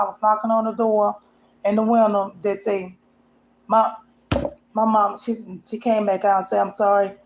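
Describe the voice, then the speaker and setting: A woman's voice: medium pitch, slight background noise. A woman telling a painful personal story to her vlog audience in a rambling, emotional, colloquial way. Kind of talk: casual storytelling.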